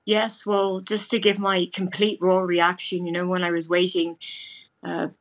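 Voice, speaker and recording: Low, flat-voiced woman on a remote link. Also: a little slow, dull audio. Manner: emotional, hesitant, many fillers. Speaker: former diplomat and lecturer. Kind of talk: remote news interview.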